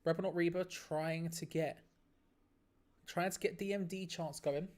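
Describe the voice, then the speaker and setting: Excitable man calling wrestling live. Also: fairly high pitch, a little slow. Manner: excitable, laughs often, restarts phrases. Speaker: watch-along stream host. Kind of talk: live play-by-play reaction commentary.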